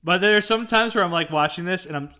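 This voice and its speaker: A man's voice: fast, sharp tone, clean tone. A man co-hosting a film review podcast, chatting casually and laughing often. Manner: chatty, laughs often, reads quotes in a deep trailer voice. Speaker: podcast co-host.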